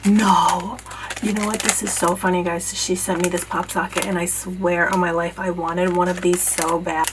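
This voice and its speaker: A woman vlogger gushing over gifts in a casual unboxing video, bursting with excitement and often dropping to a hushed voice. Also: fairly low pitch, normal speed, heavy background noise. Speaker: beauty vlogger. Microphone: camera mic.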